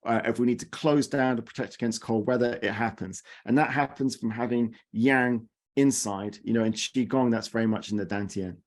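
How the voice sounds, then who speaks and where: A man's voice: medium pitch, steady tone, moderate pace, few pauses. A man teaching acupuncture in a recorded lecture, talking in a loose, conversational way with fillers and asides.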